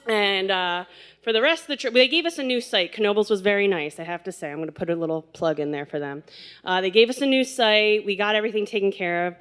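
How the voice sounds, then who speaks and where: A woman's voice: mid-range voice, fast talker, a bit bright, clean tone. A woman in her twenties telling a personal story live on stage, chatty and laughing, with lots of fillers. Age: 20s.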